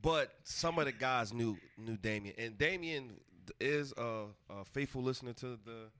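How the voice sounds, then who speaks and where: A man's voice: mid-range voice, normal speed. A man co-hosting a casual podcast chat, telling a story with lots of laughs and acted-out quotes. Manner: animated, laughing storyteller who acts out quotes. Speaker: podcast host.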